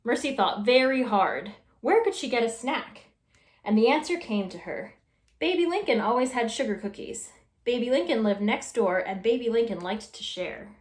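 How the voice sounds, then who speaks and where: A woman reading a children's storybook aloud with expressive, animated storytelling. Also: a little high, moderate pace. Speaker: storytime reader. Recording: echoey room.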